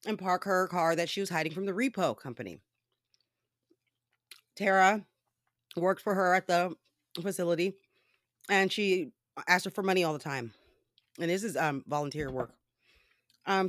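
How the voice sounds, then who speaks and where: A woman telling a story in casual commentary style, animated and often laughing, with profane asides. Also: fairly low pitch, dry recording, clean studio sound.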